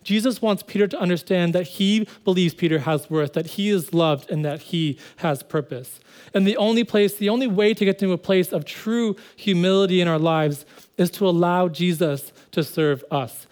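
A man's voice: sits high, normal speed, darkish tone. A man preaching a sermon in an earnest way, repeating phrases for emphasis and now and then speeding up. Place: church service.

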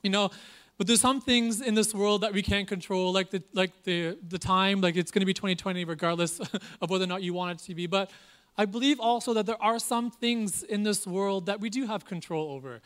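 A young man preaching a sermon from a church stage. He is earnest and animated, repeats himself for emphasis, and jokes at his own expense. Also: high-pitched, fairly quick. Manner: earnest and animated, with self-deprecating humor; preaches with lots of repetition. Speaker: pastor.

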